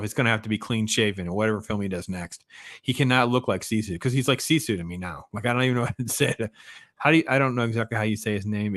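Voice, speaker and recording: A man hosting a casual movie review chat, rambling and animated, often trailing off and restarting. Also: on the low side. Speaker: podcast host.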